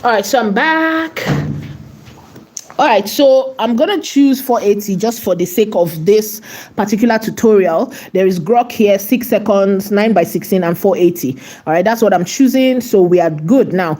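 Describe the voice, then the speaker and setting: Woman teaching a live ai video class, chatty, keeps asking "right?", mellow warm tone. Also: medium pitch, moderate pace. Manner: chatty, often asks "right?" and talks to the chat. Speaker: AI video tutorial host. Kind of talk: live tutorial walkthrough.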